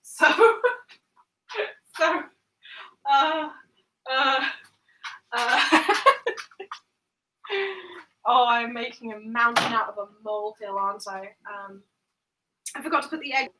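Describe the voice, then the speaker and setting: This streamer's voice is fairly high and animated; she takes her time, leaving long pauses while she bakes in her home kitchen, chatting casually, giggling, exclaiming and swearing at the cake. Heavy background noise comes through, since the sound is picked up by a built-in device mic rather than her headset mic or a proper microphone.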